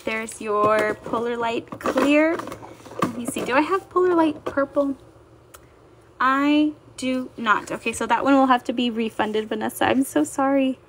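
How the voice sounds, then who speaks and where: A chatty young woman talks through a home livestream, her voice high and lively as she greets viewers. She sounds bubbly and easygoing. Soft clicking noises sit faintly behind her. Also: a little slow, slight background noise. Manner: bubbly, chatty, reads viewer comments aloud. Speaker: livestream seller. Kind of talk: casual livestream chat.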